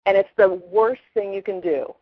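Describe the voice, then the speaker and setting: A woman's voice: mid-range voice, normal speed, no room sound, phone-quality sound. A middle-aged woman giving parenting advice in casual talk, acting out the lines of parents and kids as she tells stories. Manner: animated storyteller acting out quotes. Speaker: parenting expert guest.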